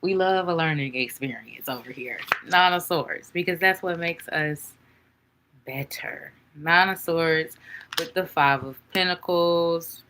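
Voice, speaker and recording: A woman's voice: low voice, unhurried, pushed and bright, a little hiss or hum. A woman reading tarot cards for viewers in a chatty, playful way, laughing often and calling viewers honey and baby. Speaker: tarot reader.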